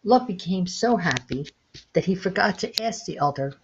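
A woman in her sixties hosting her own podcast, gently telling a parable in an unhurried, reflective way. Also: lowish voice, lively intonation, very noisy. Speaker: podcast host. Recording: dull lo-fi home recording.

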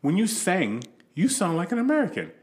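A man's voice: high voice, brisk. A man telling crude jokes in casual banter, swearing and laughing as he talks. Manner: profane, animated, laughing storyteller.

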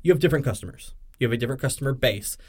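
A man's voice: mid-range voice, animated, very fast. A young man co-hosting a casual chat, telling crude stories and acting out quoted voices. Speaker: podcast co-host.

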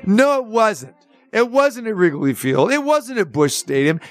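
A man hosting a sports radio show, ranting with sarcastic mock questions in an animated, opinionated way. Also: high-pitched, measured pace, soft background music.

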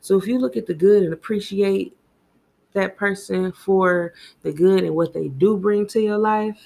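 A woman co-hosting a casual podcast, giving relaxed, rambling advice with frequent "you know.". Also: medium pitch, normal speed, vocal fry. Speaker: podcast co-host. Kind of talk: casual chat.

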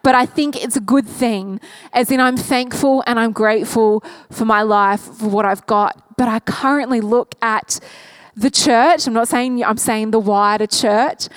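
A woman pastor speaking to her congregation in an earnest, open-hearted way, first in prayer and then in a sermon. Her voice sits a little higher than most women's, and the sound is dry and close with almost no room echo. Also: unhurried, smooth. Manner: earnest and candid, talking openly from the heart. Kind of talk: church service prayer and sermon.

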